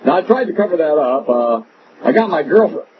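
Brief: man doing a vain, halting, tipsy politician for a radio bit, lively pitch. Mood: pompous, rambling. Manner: halting, rambling, full of uh. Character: boozy, vain male politician, rambling and self-admiring. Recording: muffled radio broadcast with noise.

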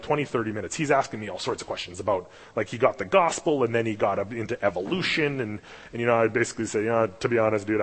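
A man's voice: lowish voice, breathy edge. A man preaching a casual sermon, rambling through stories with restarts and fillers and acting out the dialogue. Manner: acts out quoted dialogue in his stories. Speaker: lay preacher. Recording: echoey hall, long reverb.

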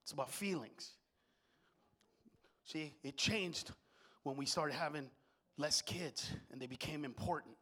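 A male stand-up comedian on stage, brash and profane, jumping between loud rants and low muttering. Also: measured pace, pauses often. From Honduras. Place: comedy stage before a live audience.

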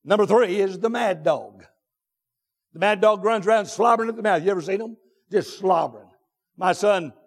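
A man preaching a sermon from the pulpit, emphatic, drawn out and repetitive, rising to shouts on his key points. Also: high voice. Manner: drawn-out deliberate phrasing with repetitions. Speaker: pastor. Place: church sanctuary. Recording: long reverb of a large church hall.

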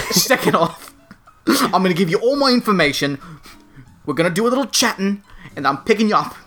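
A man voicing a sleazy, pushy Australian bloke with a put-on Australian accent, forceful and bossy. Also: high voice, lively intonation, fairly quick, soft background music. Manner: forceful, bossy, creepy sweet-talk.

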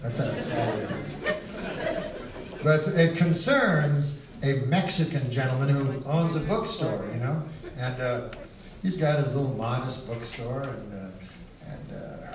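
A man's voice: medium pitch, a little slow. A man doing a stand-up set, telling stories in a rambling, profane way. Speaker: stand-up comedian. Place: comedy club stage. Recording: roomy, distant live club recording with crowd.

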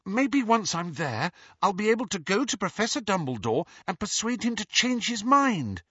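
An earnest young girl with a lifted, emotional voice, put on by a man reading a storybook. Her lines swing widely in pitch and carry a husky grain. The recording sounds dry and slightly dull. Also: very animated, normal speed, fairly bright tone, no room sound, exaggerated voice. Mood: pleading. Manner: pleading, emotional, higher voice.

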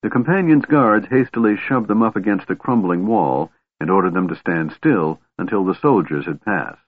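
Low, husky male audiobook narrator. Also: no room sound. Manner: measured, steady reading. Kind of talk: scripted narration. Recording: tinny phone-like band, dry.

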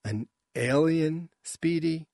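A man's voice: medium pitch, expressive, normal speed, dry recording, close to an everyday voice. A man voicing a shaken male crewman who keeps asking incredulous questions.

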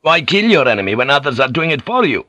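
A man's voice: medium pitch, sing-song, fast, bright, forceful tone, no room sound, pitched above the performer's own voice. A man voicing a blunt, foul-mouthed male ship's pilot who talks in crude oaths. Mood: mocking. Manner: crude, oath-laden, scornful.

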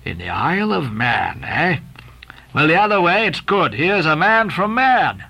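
Brief: man doing a grandiose old whaling captain, commanding and declamatory, lively bright voice. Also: on the high side, unhurried, gravelly, heavily acted.

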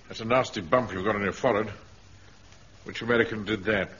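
An actor playing a pompous, officious middle-aged captain in a radio comedy. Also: male voice, lowish voice, fairly even intonation, a little fast, a bit bright, husky. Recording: dull archive radio recording.

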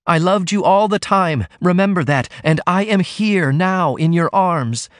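A man's voice: high-pitched, big pitch swings, a little slow, dry recording, clean studio sound, pitched above the performer's own voice. A man voicing a pleading, emotional young upper-class woman in an audiobook reading, lifting his voice into a tearful plea.

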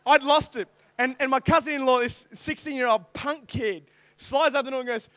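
A man's voice: very high voice, brisk, fairly bright tone, no echo. An Australian man telling a funny, self-mocking story in a youth sermon, talking animatedly and calling out to the crowd. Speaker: youth preacher.

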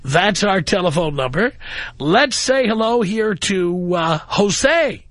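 Man, radio host, high pitch, wry and mocking, dry close studio sound. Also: lively intonation, slow pace, a bit bright, dry recording. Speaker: radio talk show host. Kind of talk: call-in talk radio. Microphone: close studio mic.

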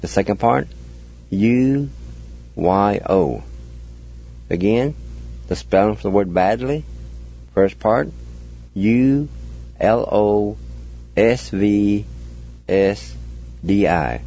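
A man on a radio show slowly teaching spelling and pronunciation, patiently spelling words out letter by letter and repeating each word. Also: fairly low pitch, mellow, slightly rough, dull audio. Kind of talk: slow spelling and pronunciation lesson.

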